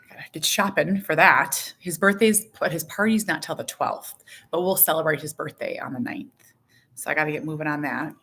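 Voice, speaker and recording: A woman talking straight to her viewers in a loose, rambling vlog, her voice sitting a little low for a woman. She drifts through fillers and wry asides about herself, and keeps slipping into little acted quotes. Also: a little fast, fairly bright tone. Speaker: vlogger and mother. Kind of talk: casual personal vlog chat.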